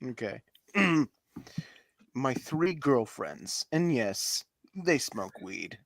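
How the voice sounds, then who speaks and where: A man's voice: mid-range voice, very animated, very slow, gravelly, no room sound, clean studio sound. A man, a podcast co-host, doing a theatrical comedic reading of online posts and often breaking into laughter. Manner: theatrical, over-the-top delivery. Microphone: home mic on an online stream call.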